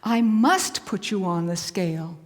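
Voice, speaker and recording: Woman acting as a desperate, loud fisherman. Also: medium pitch, lively intonation, measured pace, long reverb tail, lightly acted. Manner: loud, strained, pleading.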